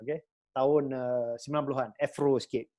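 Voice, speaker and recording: A middle-aged man from Malaysia with a Malaysian English accent, giving an animated, chatty career talk in an online session and mixing Malay words into his English. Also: mid-range voice, fast. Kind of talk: motivational talk with audience Q&A.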